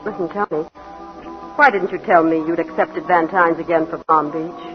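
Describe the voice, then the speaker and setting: A woman playing a witty, sharp-tongued young wife in a 1940s radio play, sarcastic and playful. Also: sits low, fairly even intonation, moderate pace, natural voice. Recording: muffled old radio broadcast with music.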